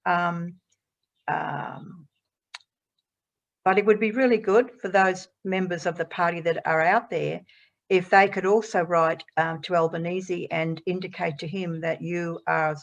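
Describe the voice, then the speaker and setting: An older woman speaking as a forum guest, measured and gentle, with pauses over a video call. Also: on the low side, fairly even intonation, gravelly, highs cut off. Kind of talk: forum talk.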